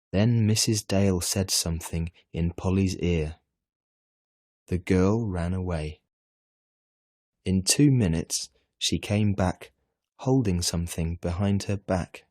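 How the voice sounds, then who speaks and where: A man reading a children's story aloud at an unhurried storytelling pace. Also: sits low, darkish tone, no echo, clean studio sound. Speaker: reader.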